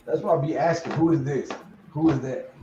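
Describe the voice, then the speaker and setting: A man's voice: fairly high pitch, fairly even intonation, brisk, reverberant, far from the mic, lo-fi sound, background noise. A man joking wryly on a live sports watch-along stream. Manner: wry, joking commentary.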